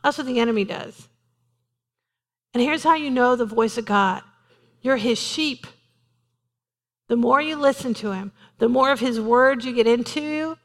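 A woman pastor preaches with animated energy and slips into quoted voices as she makes her points. Her voice sits a little high, and a long reverb trails it through the church. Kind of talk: sermon. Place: church sanctuary.

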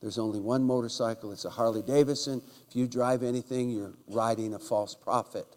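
A man preaching a humorous sermon in a church, telling jokey stories and breaking into loud shouts. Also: medium pitch, fairly even intonation, fairly quick. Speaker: guest preacher. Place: church sanctuary. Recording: large hall with long reverb.

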